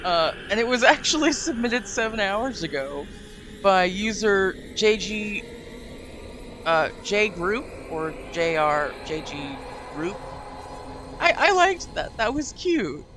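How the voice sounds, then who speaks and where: A woman's voice: medium pitch, sing-song, slow, fairly bright tone, soft background music. A woman hosting a casual live stream, giggly and effusive. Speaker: streamer host.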